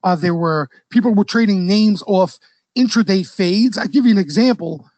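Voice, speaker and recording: Host: high-pitched man, casual trading commentary, keeps asking "okay?", dry close sound. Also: moderate pace, darkish tone, dry recording, poor audio. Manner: conversational, frequent "okay?" checks, loose trader slang. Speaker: stock trading educator and host. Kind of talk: casual market commentary to a live audience.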